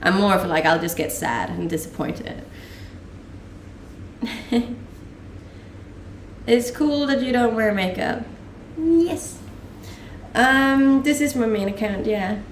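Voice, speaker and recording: Speaking slowly and expressively at a medium pitch, this young woman from Denmark pauses often as she casually takes viewer questions on a live stream. She laughs frequently and fills her speech with fillers. There's a faint hiss or hum, the room is echoey, and the mic is a bit distant.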